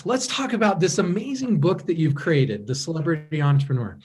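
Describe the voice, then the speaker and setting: Mellow-voiced male podcast host. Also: on the high side, lively intonation, fairly quick, faint music behind. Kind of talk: scripted intro and interview questions.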